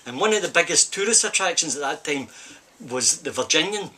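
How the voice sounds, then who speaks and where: During a break on a film set, an elderly stuntman from Scotland rambles through stories of his past, often saying "I says." He speaks fairly quickly, expressively, in a bright, forceful, fairly high voice.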